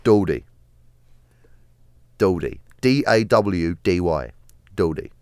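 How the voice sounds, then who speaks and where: Southern english guy chatting on a podcast, super animated pitch, jokey. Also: slow, smooth, dry recording, studio quality. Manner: playful, laughs often. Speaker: podcast co-host. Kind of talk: casual chat.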